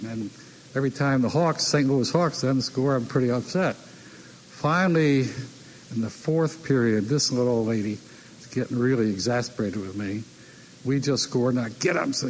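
An older man recounts his business stories in an anecdotal, conversational way, repeating key phrases for effect and acting out what others said to him. His voice sits at a middle pitch. A faint noise runs under the recording. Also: moderate pace, rough recording. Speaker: team owner telling stories. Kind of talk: anecdotal speech.

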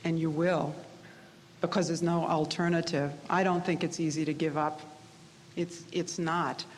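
A woman's voice: low voice, level tone, unhurried, long reverb tail, slight background noise. A middle-aged woman giving a personal speech to graduates, telling her story in a candid, self-deprecating way. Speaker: speaker addressing graduates.

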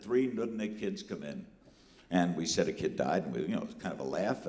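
Animated older New storyteller man. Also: deep voice, brisk. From New York City. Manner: animated, punchy delivery with asides. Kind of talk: comic storytelling to a live audience.

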